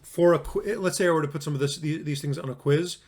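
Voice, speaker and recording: A man's voice: fairly high pitch, fast, a little mellow. A man giving a recorded classroom lecture on logic, talking in a conversational way, stressing words for emphasis and often restarting his sentences.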